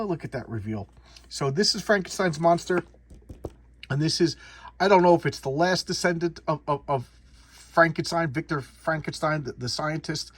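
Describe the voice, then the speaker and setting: A man's voice: fairly high pitch, lively intonation, moderate pace, a little hiss or hum. A man doing a casual comic book showcase, rambling and often repeating and restarting words.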